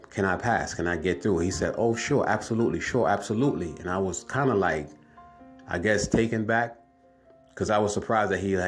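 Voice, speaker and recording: A man telling viewers a story in casual talk. He rambles, repeats himself and calls his listeners family. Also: low voice. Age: adult, has wife and kids. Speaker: vlogger telling a dream.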